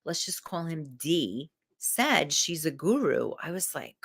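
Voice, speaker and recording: A woman's voice: sits low, slow pace, few pauses, breathy edge. A woman coach giving a candid, emotional motivational talk to camera, swearing freely. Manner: animated.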